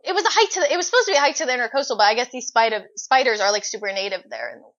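A young woman co-hosting a podcast, telling a story in an animated, dramatic way. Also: on the high side, very fast. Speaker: podcast co-host. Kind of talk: casual chat. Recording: dull lo-fi recording.

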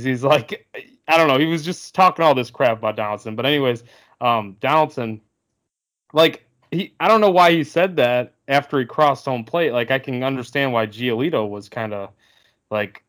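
A man's voice: mid-range voice, normal speed, a bit bright. Rambling man in casual sports talk. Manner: rambling, many fillers and restarts. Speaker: podcast co-host.

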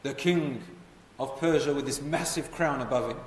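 Animated male lecturer in an echoey hall. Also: medium pitch, moderate pace, recorded from a distance. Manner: animated, asks the audience questions. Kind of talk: storytelling lecture.

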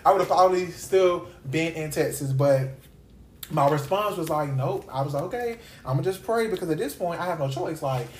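A man's voice: fairly high pitch, brisk, darkish tone, slight background noise. Man preaching casually in a roomy space. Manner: repeats phrases for emphasis; conversational, with slangy asides. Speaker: podcast host and Bible teacher. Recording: roomy echo.

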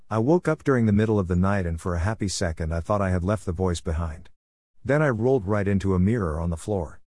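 A man reading a first-person story aloud in a plain, steady storytelling delivery. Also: on the low side, no room sound, studio quality.

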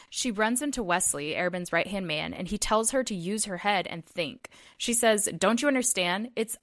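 A woman's voice: mid-range voice, fairly bright tone. Woman, podcast co-host, casual book chat, dramatic, emotional retelling.

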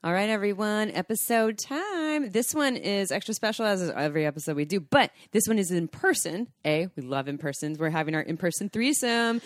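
A woman's voice: lowish voice, lively intonation, a little fast, few pauses, dry recording, studio quality. A woman hosting a podcast in casual chat, chatty and rambling, often restarting her sentences. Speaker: podcast host.

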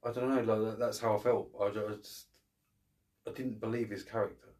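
A man's voice: on the low side, little pitch movement, fairly quick, a little mellow. Blunt, sweary man ranting. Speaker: podcast co-host. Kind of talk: casual film review chat.

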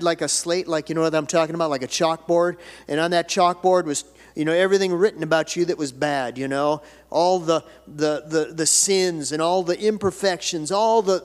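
An older man preaching a sermon, folksy and conversational, then building to emphatic declarations. His voice sits somewhat high. The reverb of a church hall trails after each line. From United States. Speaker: pastor. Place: church sanctuary.

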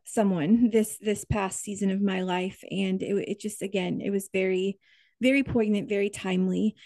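A woman podcast host in her thirties conducts an interview in a medium-pitched voice at a moderate pace, recorded with no echo. She comes across as earnest, expressive, and upbeat, and becomes tearful while reading something aloud.

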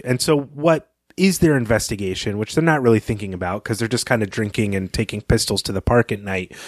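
A man's voice: mid-range voice, no room sound, clean studio sound. Laid-back man recapping a story. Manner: conversational, with fillers and occasional laughs. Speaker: podcast co-host recapping a story. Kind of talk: casual book discussion and recap.

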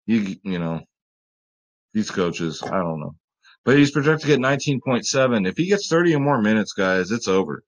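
A man's voice: lowish voice, very animated, normal speed. Rambling man giving fantasy picks. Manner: rambling, joking, addresses viewers as guys. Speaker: fantasy sports vlogger. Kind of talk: casual sports betting picks talk.

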